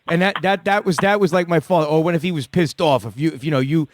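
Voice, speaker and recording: A man's voice: a little high, fast, few pauses, no echo. A middle-aged man hosting a call-in podcast, talking loosely and profanely in rambling stories. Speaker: podcast host. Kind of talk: casual call-in chat.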